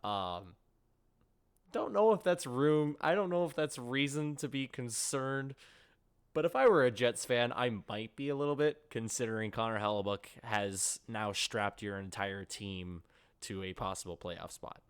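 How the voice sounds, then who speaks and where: A man with a northern US accent hosts a solo sports rant. His voice is smooth and resonant, and his pitch sits in the middle of a man's range. He talks in a chatty, rambling way and keeps tossing in quick asides. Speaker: podcast host.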